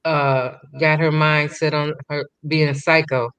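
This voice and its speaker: A woman co-hosting a casual chat, talking slowly and drawling her words. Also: low-pitched, flat delivery, fairly bright tone, smooth. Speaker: co-host.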